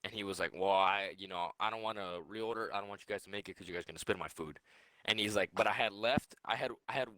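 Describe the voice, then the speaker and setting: A man's voice: deep voice, steady tone, fast, pushed and bright, clean tone, no echo. A young man co-hosting a podcast, telling a rambling, swearing story in casual chat. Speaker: podcast co-host.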